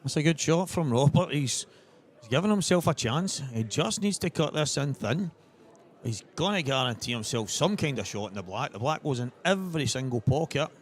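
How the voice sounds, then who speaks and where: A man's voice: medium pitch, expressive, moderate pace. A man giving live commentary on a pool match and chatting to viewers as guys.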